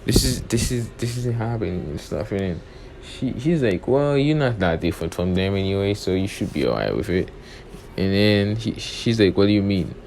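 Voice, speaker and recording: A man's voice: fairly low pitch, animated, moderate pace, a little mellow. A young man casually retelling a fan story off the cuff, rambling, with many restarts and filler phrases. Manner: rambling, repeats "pretty much" and "and stuff", many restarts. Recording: faint background noise.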